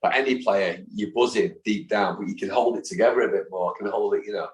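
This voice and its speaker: A man in his fifties, a guest in a casual interview, telling animated anecdotes and acting out the voices of people he quotes. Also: lowish voice, quick pace. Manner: animated storyteller who acts out quoted voices. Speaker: guest, football fan. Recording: echoey room.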